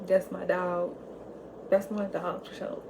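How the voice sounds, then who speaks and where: A young woman vlogger telling a candid personal story in casual chat, full of "like" fillers and swinging between loud and soft. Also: fairly low pitch, level tone, takes it slowly, gravelly, heavy background noise. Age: young adult.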